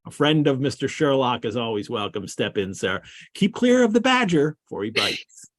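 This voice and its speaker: A man doing a gruff Cockney shopkeeper. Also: mid-range voice, very animated, moderate pace, no echo, lightly acted. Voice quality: Cockney dialect. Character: grumpy Cockney animal-shop owner, man.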